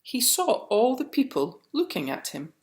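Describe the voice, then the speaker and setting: Slow, expressive woman reading aloud. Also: on the high side, a little hiss or hum. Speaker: storyteller. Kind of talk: reading a picture book aloud. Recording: roomy echo.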